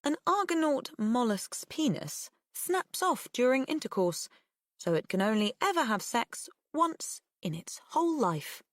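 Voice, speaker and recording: A woman voicing a sharp-tongued teenage girl. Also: on the high side, big pitch swings, a little slow, no room sound, studio quality, voice pushed up. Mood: teasing. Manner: indignant, precise. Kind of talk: audiobook character voice.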